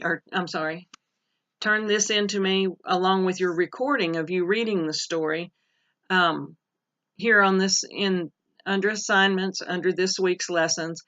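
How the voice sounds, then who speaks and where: A woman teaching a recorded online pronunciation lesson, reading word lists slowly and carefully with pauses and fillers. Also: on the low side, a bit bright. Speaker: Spanish teacher. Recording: dull lo-fi recording.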